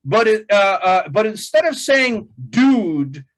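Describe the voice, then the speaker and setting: A middle-aged man, an actor as an interview guest, telling a story with lots of energy, laughing often and acting out quotes in a much higher voice. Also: animated, moderate pace, fairly bright tone. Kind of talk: animated storytelling in conversation.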